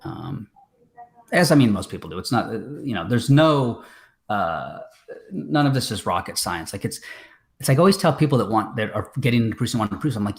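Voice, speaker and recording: A man's voice: medium pitch, lively intonation, fairly quick. A man, a filmmaker guest, chatting casually on a video call, rambling with many fillers and restarts. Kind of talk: casual interview chat.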